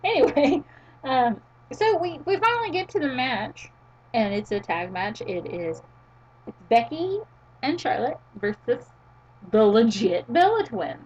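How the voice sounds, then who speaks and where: A woman co-hosting a casual wrestling chat, animated and quick to laugh, swearing freely. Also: sits high, highs cut off, slight background noise. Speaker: podcast co-host. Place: college town in the US.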